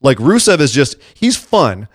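A man's voice: mid-range voice, unhurried, no room sound, studio quality. A man co-hosting a casual chat, retelling events with energy and acting out what people said. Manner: animated, acts out quotes while retelling. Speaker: podcast co-host. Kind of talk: casual chat recapping wrestling.

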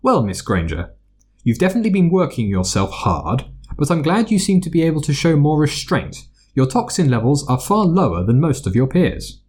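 A man voicing a brisk, kindly middle-aged female school nurse in a storybook reading, with a husky voice. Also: a little high, sing-song, darkish tone, voice pushed up. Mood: approving.

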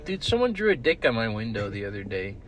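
A man's voice: lowish voice, sing-song, quick pace, slight background noise. Rambling, cursing young man telling stories. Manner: rambling storyteller, swears a lot, loud bursts when quoting. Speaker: podcast co-host. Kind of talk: casual chat. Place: in a car with friends.

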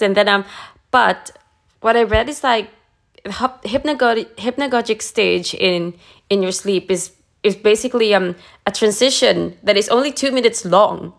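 A woman's voice: mid-range voice, gravelly. A woman co-hosting a podcast, chatting casually and hesitantly, with many fillers. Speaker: podcast co-host. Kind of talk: casual chat.

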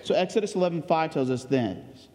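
A man's voice: on the high side, animated, fairly quick, mellow, big-room sound. A man preaching a sermon as pastor, earnest and conversational, with ums and restarts.

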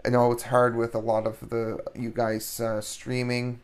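A male stream host speaks in an even, flat voice, stopping and restarting often. He talks straight to his chat. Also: mid-range voice, clean tone. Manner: halting, many ums and restarts, addresses chat. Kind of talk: live stream hosting.

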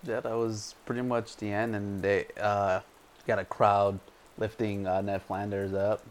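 A man's voice: lowish voice, flat delivery, a little slow. A man co-hosting a casual podcast, loosely retelling the plot with many fillers. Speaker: podcast co-host. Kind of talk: casual chat.

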